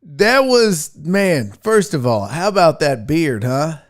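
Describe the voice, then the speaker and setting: A man's voice: fairly high pitch, big pitch swings, takes it slowly. A man hosting a casual live-streamed sports talk show. He rambles, jokes and swears freely. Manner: profane, joking, rambling. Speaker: host.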